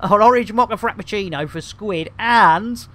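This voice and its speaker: A man's voice: high voice, normal speed, over a noisy crowd. Cheeky man streaming a game. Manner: jokey, rambling, cheeky innuendo, frequent laughter. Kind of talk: live gameplay commentary.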